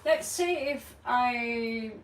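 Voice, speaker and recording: A woman's voice: a little high, very slow, distant mic, heavy background noise. A woman hosting a live tarot stream from a cluttered room at home, chatting in a rambling, distracted way, often swearing and laughing, picked up by a phone on a tripod.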